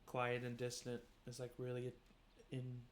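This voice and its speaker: A male game master narrates a tabletop game in a relaxed way, with plenty of fillers. His voice is mid-pitched and fairly flat, and a faint background noise sits behind it. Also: a little slow.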